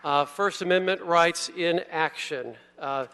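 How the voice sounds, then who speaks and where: A man's voice: a little high, measured pace, bright, forceful tone, clear, resonant tone. A man chairing a council meeting, calling speakers with dry, wry remarks. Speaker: committee chair. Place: council chambers. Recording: long hall reverb in a council chamber.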